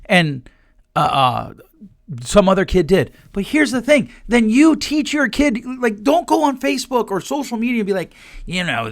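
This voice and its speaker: Fortyish guy doing a solo podcast rant, blunt and animated, bit high-pitched, dry sound. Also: moderate pace, no room sound. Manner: blunt, animated, quotes others in put-on voices. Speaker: podcast host.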